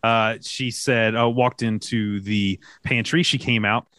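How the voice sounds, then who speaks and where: A man's voice: fairly low pitch, unhurried, no echo. A middle-aged man co-hosting a podcast, telling stories and acting out dialogue in casual chat. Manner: animated storytelling, acts out dialogue. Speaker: podcast co-host, youth soccer coach.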